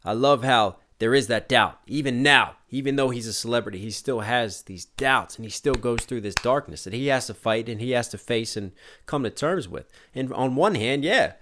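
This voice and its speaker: A man reacting to a music video as a rapper, thinking aloud in casual commentary that swings between musing and sudden excited outbursts, tired but animated. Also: mid-range voice, moderate pace, slight background noise. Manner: thoughtful, breaks down lyrics, exclaims in bursts.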